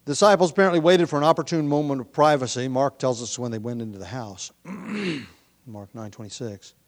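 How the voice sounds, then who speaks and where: A man preaching a verse-by-verse Bible sermon in a conversational, thinking-aloud way, with frequent ums, restarts and throat clearing. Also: medium pitch, lively intonation, fairly quick.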